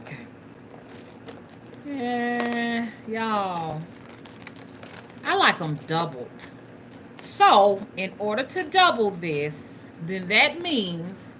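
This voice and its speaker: A woman's voice: medium pitch, bright, forceful tone, a little hiss or hum, rough recording. A woman, rambling and chatting casually to her viewers during a live stream while she works, with some cussing. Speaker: spiritual reader hosting a live stream.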